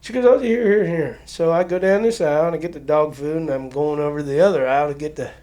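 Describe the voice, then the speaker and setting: A man's voice: a little high, fast, a little mellow, dry recording. A man hosting a podcast, telling a long story in a rambling, folksy way. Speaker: podcast host. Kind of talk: casual chat, anecdote telling.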